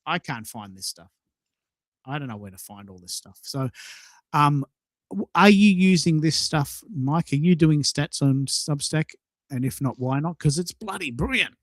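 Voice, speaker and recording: A man's voice: a little high, lively intonation, moderate pace, no echo. A man co-hosting a podcast, talking casually and enthusiastically, often repeating and restarting words. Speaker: podcast co-host. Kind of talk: casual chat.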